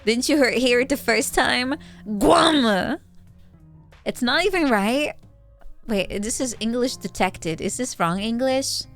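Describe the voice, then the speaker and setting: A woman from the Netherlands with a Dutch accent, chatting casually as a streamer, giggling often and squealing when excited. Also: on the high side, normal speed, few pauses, soft background music. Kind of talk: casual chat.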